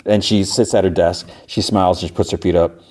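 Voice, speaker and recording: A man's voice: sits low, steady tone, fairly quick, a little mellow. A man hosting a podcast, casually retelling a TV episode in a rambling way, full of fillers like "like" and "you know.". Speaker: podcast host. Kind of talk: casual show recap.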